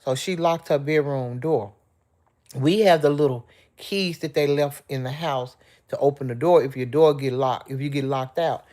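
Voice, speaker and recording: A woman's voice: rumbling low, moderate pace, mellow. Emotional middle-aged woman chatting live. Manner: emotional, heartfelt, talks straight to viewers. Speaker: livestream host. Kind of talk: casual livestream chat with viewers.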